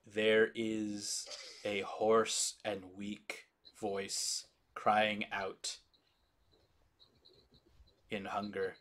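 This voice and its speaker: Man, game master, slow descriptive narration, low voice. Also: monotone, a bit bright.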